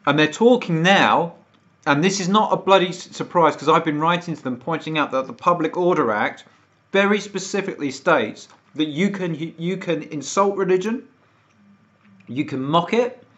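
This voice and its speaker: A man's voice: on the high side, fairly bright tone. A British man from the United Kingdom ranting and swearing on a casual livestream, getting more worked up as he goes. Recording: dull lo-fi stream audio.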